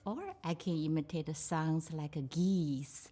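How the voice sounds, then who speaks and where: A woman's voice: low voice, fairly even intonation, unhurried. A woman musician with a Chinese accent, explaining her instrument in simple, non-native English and imitating sounds with her voice. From China. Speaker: pipa musician. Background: plucked pipa music.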